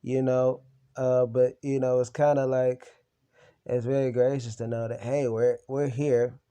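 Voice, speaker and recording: Mellow-voiced young man venting, heated and profane. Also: mid-range voice, little pitch movement, a little slow, clear, resonant tone. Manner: heated, profane storytelling with blunt slang. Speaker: vlogger on recovery from narcissistic abuse. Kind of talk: unscripted personal venting to camera.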